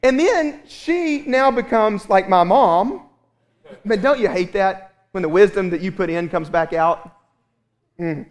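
Casting note: high-pitched male pastor, thirties, animated storyteller. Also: measured pace. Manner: animated storytelling, acts out his own exasperation. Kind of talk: sermon.

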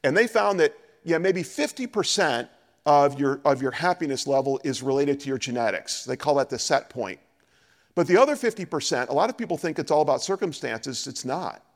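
Animated, high-voiced preacher in a hall. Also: male voice, a little fast. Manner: animated, acts out scripture dialogue. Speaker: pastor. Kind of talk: sermon.

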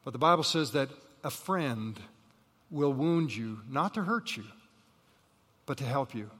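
A man preaching a sermon as pastor, telling Bible stories with lively acted voices and saying he has jet lag. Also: mid-range voice, a little slow, husky. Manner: animated storytelling, acting out Bible figures with rising voice. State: jet-lagged. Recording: reverberant hall.

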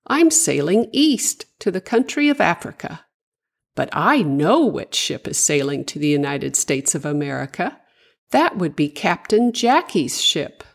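A woman's voice: low voice, sing-song, unhurried, gravelly, husky, heavily acted. A woman voicing a polite, helpful female alligator ship captain in a children's storybook. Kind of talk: storybook voice acting.

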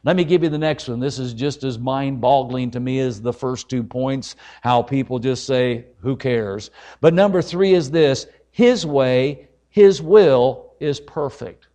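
A man's voice: mid-range voice, unhurried, hardly any pauses, dark tone. A man preaching a sermon as an evangelist, fervent and folksy, often calling his listeners folks and rising to emphatic peaks. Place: church service.

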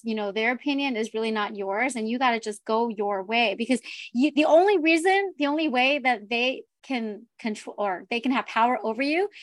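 A woman's voice: a little high, no room sound. A woman co-hosting a podcast in casual chat, talking in a loose, chatty way with many fillers. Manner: chatty, lots of fillers like "like" and "right". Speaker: podcast co-host.

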